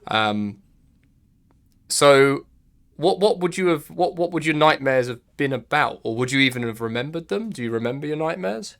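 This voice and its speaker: Bright-voiced man running a tabletop game. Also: fairly high pitch, expressive, moderate pace, creaky. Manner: hesitant, many fillers and restarts while setting scenes. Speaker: game master.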